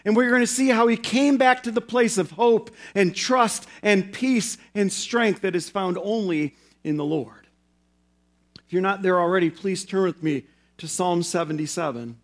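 A male pastor preaching a sermon in an earnest way, slowing down and repeating phrases for emphasis. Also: high-pitched.

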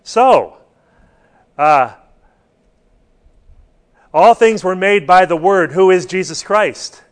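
A man's voice: sits high, lively intonation, slow, smooth. Man preaching with pointed questions. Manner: rhetorical questions to the congregation, emphatic. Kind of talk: sermon.

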